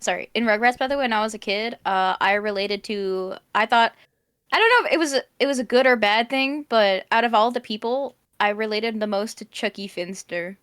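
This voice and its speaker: A woman's voice: on the high side, a little fast, fairly bright tone, smooth. A young woman in casual stream chat, giggly and prone to trailing off and restarting her sentences. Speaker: stream co-host.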